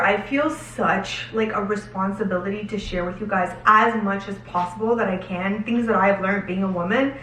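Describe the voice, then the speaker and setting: A woman's voice: medium pitch, sharp tone, slight background noise. A young woman answering viewer questions to camera in a casual, emotional and candid chat, drawing out words for emphasis. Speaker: lifestyle vlogger. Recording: roomy echo, slightly distant from mic.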